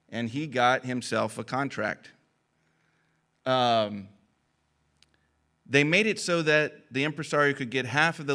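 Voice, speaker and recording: A man talking through local history at a conference in a loose, folksy way, with plenty of fillers. His voice is bright and forward at a middling pitch. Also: gravelly. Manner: chatty, folksy, self-deprecating, with fillers. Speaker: conference speaker. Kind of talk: casual history talk. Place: conference hall.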